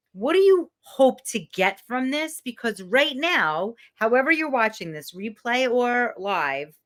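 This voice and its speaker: A middle-aged woman, a confidence coach, leading a live online masterclass in an emphatic, sassy, animated way. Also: medium pitch.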